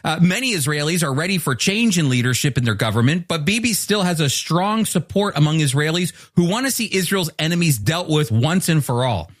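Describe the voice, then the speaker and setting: A man's voice: fairly high pitch, animated, fairly quick, few pauses, no room sound, clean studio sound. A man giving a sermon-style Bible teaching, earnest and explanatory, often restarting words mid-thought.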